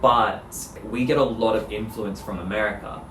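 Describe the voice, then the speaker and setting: An Australian man chatting casually, explaining things in a calm, even way. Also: on the low side, normal speed. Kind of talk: casual group chat. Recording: roomy, distant mic, noisy.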